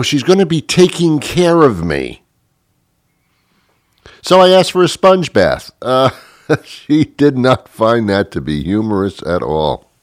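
A man's voice: lowish voice, dry recording, clean studio sound. A middle-aged man telling a rambling, sarcastic comic story about himself. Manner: sarcastic, self-mocking, lively rambling. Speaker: comedic storyteller. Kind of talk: comedic monologue.

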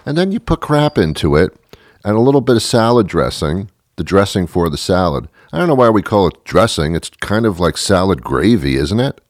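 Male podcast host, low voice, lively swings, sarcastic rambling rants, dry close sound. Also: moderate pace, no echo. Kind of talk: comedic monologue.

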